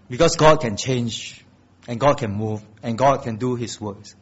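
Husky preacher man, rising and falling. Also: medium pitch, muffled recording. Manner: rises to loud emphatic peaks, then drops soft and slow on key phrases. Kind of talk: sermon.

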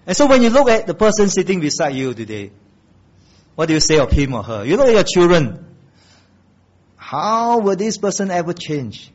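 A man preaches a sermon in a slightly husky voice. He climbs to loud, emphatic peaks, then settles soft and slow on the key phrases. The recording is dull and lo-fi. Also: a little high, big pitch swings.

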